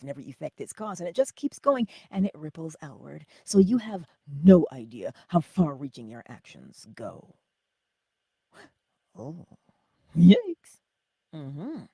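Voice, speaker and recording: A woman hosting a motivational livestream, with a husky voice, laughing often and answering her chat. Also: low-pitched, no room sound, clean studio sound. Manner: animated, laughing, talks to chat. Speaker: livestream host.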